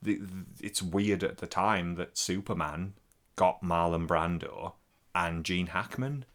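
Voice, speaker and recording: A man's voice: low voice, slow. A man, co-hosting a podcast in casual, rambling chat full of swearing. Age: 40s. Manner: sweary, rambling, laughs a lot. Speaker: podcast co-host.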